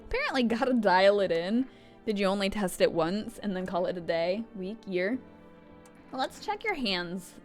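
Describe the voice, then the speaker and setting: A woman's voice: medium pitch, expressive, normal speed, faint music behind. A woman streaming a game, joking casually and reading game text aloud. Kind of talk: casual gameplay commentary.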